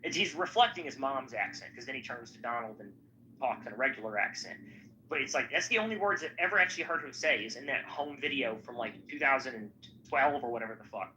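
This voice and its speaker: A man's voice: mid-range voice, expressive, quick pace, sharp tone. A man talking politics in a rambling, profane, casual podcast chat. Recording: slightly dull audio with faint background noise.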